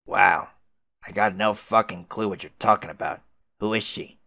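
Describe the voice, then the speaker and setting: Brief: mellow, foul-mouthed clown boy troll from a webcomic readthrough, voiced by a male reader, a touch louder than his own voice, in a dry room. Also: lowish voice, fairly even intonation, moderate pace, vocal fry, no echo, heavily acted. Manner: drawling, swears constantly. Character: laid-back cursing clown male teen troll.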